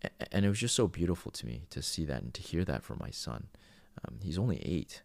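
A man's voice: extremely low pitch, very animated, a little fast, vocal fry, a little mellow, no echo. A man hosting a podcast, talking in an earnest, heartfelt, reflective monologue. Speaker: podcast host.

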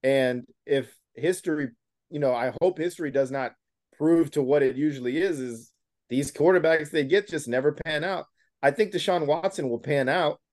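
A man's voice: fairly high pitch, moderate pace, darkish tone. Opinionated man on a sports podcast. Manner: opinionated, restarts words, earnest. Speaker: podcast co-host. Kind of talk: casual sports chat.

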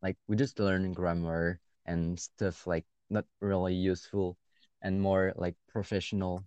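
A man in casual chat, speaking hesitantly with many pauses and restarts. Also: low-pitched, level tone, darkish tone, clean tone, no room sound.

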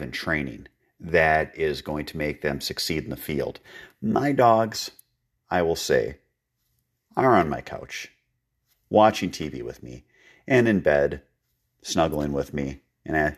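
Deep-voiced man giving dog-training tips. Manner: practical, instructive, folksy. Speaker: podcast host, dog trainer. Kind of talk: training tip segment.

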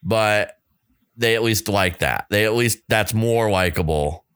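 A man co-hosting a podcast in casual chat, halting with many restarts and self-deprecating asides. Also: fairly low pitch, fairly bright tone, smooth, no room sound, clean studio sound. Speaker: podcast co-host.

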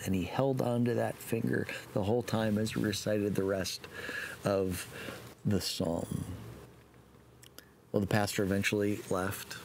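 A man preaching a sermon, praying and telling a story in a relaxed, folksy way with fillers. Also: fairly low pitch, a little slow, creaky, long pauses, a little hiss or hum.

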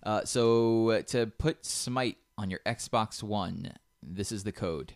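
Man, very deep voice, casual gaming podcast chat, rambling, dry sound. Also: takes it slowly, gravelly, few pauses, dry recording. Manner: relaxed, rambling, many fillers. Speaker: podcast co-host.

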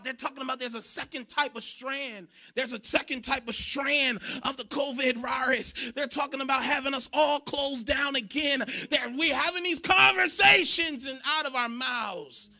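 A man preaching a sermon in church, animated and shouting for emphasis. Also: extremely high pitch, normal speed, creaky, few pauses. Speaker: pastor.

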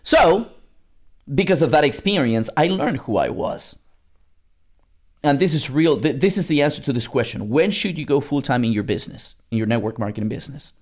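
A man's voice: mid-range voice, expressive, fairly quick. A man hosting a motivational podcast on network marketing, talking bluntly and casually, swearing now and then and repeating lines for punch.

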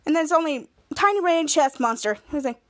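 A woman's voice: sits high, expressive, fast, fairly bright tone. A woman hosting a podcast, giving a rambling casual recap of a TV episode and often restarting her sentences. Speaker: podcast host.

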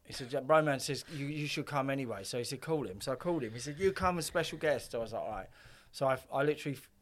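A man in his fifties chats loosely as a podcast guest. He rambles, swears freely and acts out what people said to him. His voice sits at an ordinary middle pitch. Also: very fast. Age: 50s. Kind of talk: casual chat.

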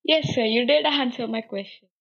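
A woman student asks the speaker a question in a polite, measured way. Her voice is fairly high with a gravelly edge, and the sound is muffled and lo-fi. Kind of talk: formal audience question.

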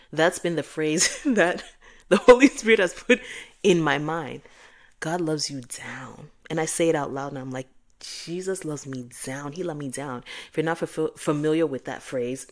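A woman with a notably low, deep speaking voice hosts her own podcast in a loose, chatty way. She sounds encouraging and breaks into light laughter between points. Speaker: podcast host. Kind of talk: casual solo podcast talk.

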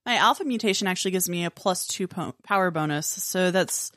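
A woman's voice: fairly low pitch, a little fast, a bit bright, no echo. Careful woman playing a tabletop game, dry sound. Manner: careful, thinking aloud. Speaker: player.

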